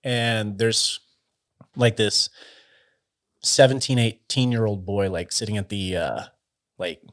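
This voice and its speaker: A man telling a story casually, in a loose, halting way full of fillers and restarts. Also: on the low side, fairly even intonation, a bit bright.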